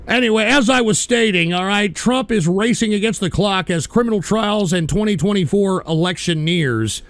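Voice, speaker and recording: A man from Texas, hosting a livestream talk show and ranting combatively about politics while shouting insults at trolls. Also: high voice, normal speed, hardly any pauses, no room sound. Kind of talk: angry political rant to live chat.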